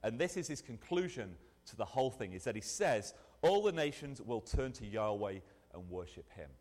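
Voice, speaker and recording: Male preacher, lively conversational sermon, mid pitch, long hall reverb. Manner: animated, conversational, with restarts.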